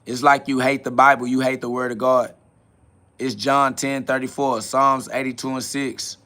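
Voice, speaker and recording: A man's voice: mid-range voice, little pitch movement, normal speed, sharp tone. A man hosting a live stream, answering chat questions in a preachy, blunt way, with casual slang and quoted Bible verses. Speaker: livestream host.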